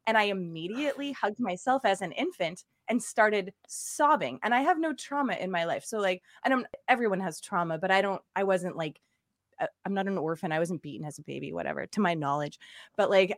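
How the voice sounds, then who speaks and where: A woman in her forties co-hosting a podcast, telling a story in a chatty, animated way with laughs. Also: mid-range voice, dry recording, clean studio sound. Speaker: podcast co-host. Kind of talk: casual chat.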